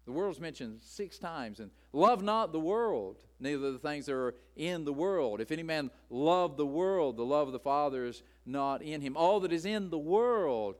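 A man's voice: fairly high pitch, animated, moderate pace, hardly any pauses. A man preaching a sermon, speaking emphatically and building his points through repetition. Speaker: pastor.

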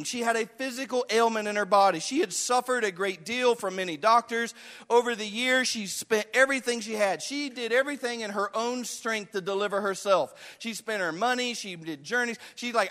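A man's voice: very high-pitched, sharp tone. A man preaching a sermon with drama, acting out the voices of Bible figures and of his listeners. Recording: echoey hall.

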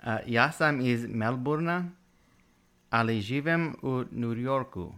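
A man's voice: medium pitch, measured pace, a bit bright, smooth. Good-humored man repeating phrases. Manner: good-humored, tries hard, stumbles on new words. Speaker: podcast co-host learning Croatian. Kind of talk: casual chat, repeating phrases.

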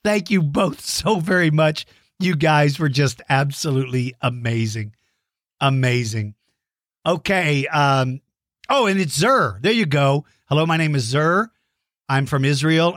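Middle-aged male kids' show host, enthusiastic and encouraging, slightly high, dry close mic. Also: animated, moderate pace, a bit bright, no room sound. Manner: enthusiastic, encouraging, explains simply. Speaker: host answering kids' dinosaur questions. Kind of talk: friendly kids' show chat.

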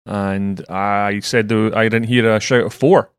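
A man hosting a casual podcast chat, steering the talk in a relaxed, chatty way. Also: fairly low pitch, measured pace, smooth, dry recording, clean studio sound. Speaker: podcast host.

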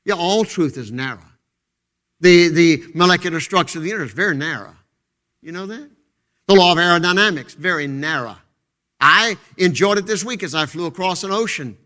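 A man preaching a fervent sermon from a church pulpit, moving between loud, emphatic declarations and hushed, intense passages, with a lot of repetition. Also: high-pitched, expressive, fairly quick. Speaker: pastor.

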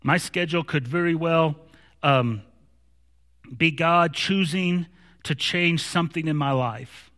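A male pastor with a bright, forceful voice, preaching in an easy, storytelling way. His delivery grows animated as he stumbles through restarts, and the sound rings out with a long hall reverb. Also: fairly high pitch, slow. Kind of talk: sermon.

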